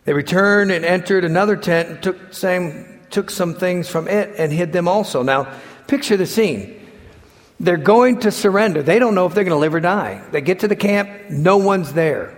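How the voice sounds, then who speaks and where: A man preaching a sermon, telling stories with lively acted-out quotes and sudden shouts. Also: high-pitched, moderate pace. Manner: animated storytelling, acts out quotes and shouts. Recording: long hall reverb.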